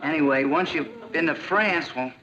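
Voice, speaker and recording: An actor playing a jealous, earnest teenage boyfriend in a 1960s sitcom, sulky in manner. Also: male voice, on the high side, moderate pace, sharp tone, muffled recording.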